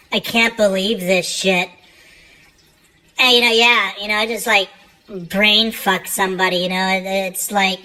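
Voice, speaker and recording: Bright, profane, rambling woman comic. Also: medium pitch, poor audio. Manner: profane, rambling, heavy with filler. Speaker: stand-up comedian. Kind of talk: stand-up comedy routine.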